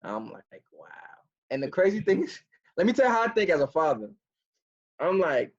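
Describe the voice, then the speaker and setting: A man co-hosting a podcast, telling stories in relaxed, slangy casual chat. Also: on the high side, unhurried, long pauses, dull audio. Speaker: podcast co-host.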